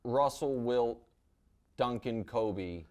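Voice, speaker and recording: A man's voice: medium pitch, very slow. A man who is a sports pundit, a guest on a comedy talk show, ranking players with conviction. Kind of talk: casual chat.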